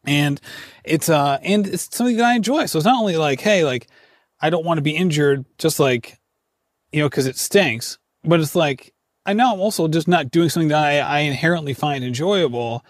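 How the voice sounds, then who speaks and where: A man's voice: on the high side, expressive, brisk, dry recording, studio quality. A man talking casually on a podcast, chatty and self-deprecating, full of fillers. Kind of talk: casual conversation.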